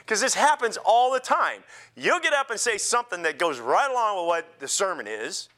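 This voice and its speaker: Bright high-voiced man preaching. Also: moderate pace. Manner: animated, jokes and laughs with the congregation. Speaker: pastor. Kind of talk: sermon.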